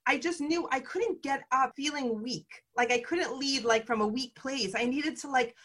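A woman hosting a conversation and telling a personal story in a casual, animated way, acting out the dialogue. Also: sits high, normal speed. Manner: animated, acts out dialogue, frequent "like". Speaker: host.

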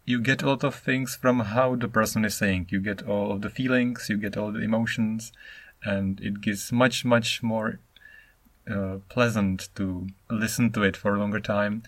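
Non-native man from Czechia, 30s, solo podcast host; lower voice, animated rambling monologue. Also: dry recording. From Czech Republic. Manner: rambling, animated, acts out intonations.

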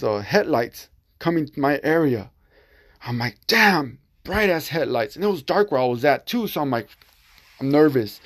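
A man casually telling a first-person story on his podcast, rambling with lots of fillers and acting out quoted exchanges. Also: medium pitch.

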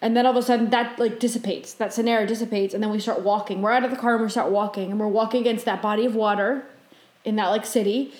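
A woman co-hosting a podcast, telling a dream story in casual chat and acting out her own panicked lines. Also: reverberant. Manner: animated retelling, voices her own panicked quotes high and fast. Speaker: podcast co-host.

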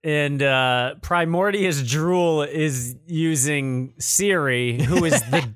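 A man's voice: on the high side, slow, fairly bright tone, smooth, no echo, clean studio sound. A man co-hosting a casual review chat, easygoing and musing, with hesitant fillers. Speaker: podcast co-host.

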